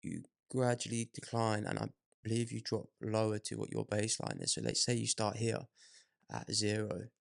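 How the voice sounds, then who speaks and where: A man in a casual podcast chat, calmly explaining his view. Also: lowish voice, moderate pace, gravelly, no room sound, clean studio sound. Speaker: podcast co-host.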